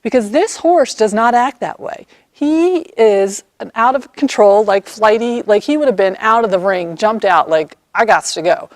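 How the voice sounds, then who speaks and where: A woman equine therapy practitioner, an animated storyteller who acts out the people in her story, recorded outdoors by horses on a camera mic. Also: fairly high pitch, normal speed, no room sound. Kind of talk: storytelling vlog.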